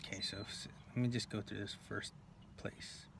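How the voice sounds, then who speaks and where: A man telling a personal story in a rambling, halting way, full of fillers and restarts, sometimes dropping to a near whisper. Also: on the low side, steady tone, gravelly, background noise. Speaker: video blogger.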